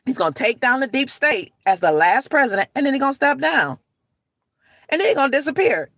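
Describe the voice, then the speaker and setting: Brief: woman, fairly high voice, close dry mic, emphatic preachy monologue. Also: very animated, a little fast, fairly bright tone, no room sound. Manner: emphatic, rambling, preachy, with restarts. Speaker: online commentator. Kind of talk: talking-head rant to camera.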